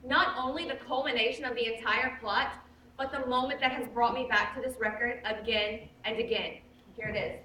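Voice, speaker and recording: A woman's voice: a little high, fairly even intonation, moderate pace, bright, forceful tone, slight background noise. A young woman playing a gushing theatre fan. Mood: confiding. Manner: chatty, confiding asides to the audience. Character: gushing male musical-theatre fan narrating. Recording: echoey stage audio from far off.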